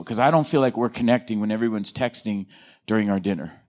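A middle-aged man giving a conversational teaching talk, animated, acting out example phrases and checking in with his listeners. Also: lowish voice, quick pace. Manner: animated, acts out example quotes, checks in with the audience.

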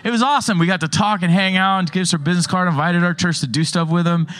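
A man pastor preaching a sermon, telling stories in an animated way. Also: high voice, quick pace.

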